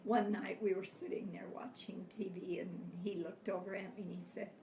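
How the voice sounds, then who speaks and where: An older grandmother reminisces in a gentle, reflective way, her voice gravelly and on the edge of tears. She sounds distant from the mic in an echoey home room with a faint hiss behind her. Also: mid-range voice, flat delivery, moderate pace. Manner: gentle, reflective storytelling with frequent soft laughs. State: close to tears. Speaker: grandmother interviewed by family. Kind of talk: personal storytelling.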